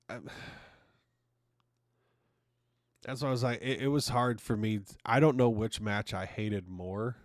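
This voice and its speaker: A podcast host with a fairly low voice gives a casual opinion monologue on his own show, swearing frequently and sounding exasperated. The sound is studio quality, without echo.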